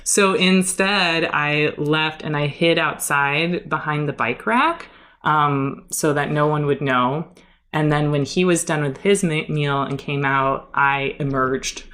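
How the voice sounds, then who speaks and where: Young woman guest, low voice, rambling anecdote style, lots of "like" and "um". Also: takes it slowly, fairly bright tone. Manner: chatty, many fillers and "like"s. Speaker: podcast guest, yoga teacher. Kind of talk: casual storytelling.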